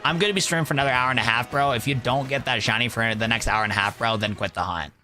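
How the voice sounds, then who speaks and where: Young male streamer, loose and rambling, bright edge, mid pitch. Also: racing, faint music behind. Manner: rambling, laid-back, calls chat "bro". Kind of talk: casual live-stream chat.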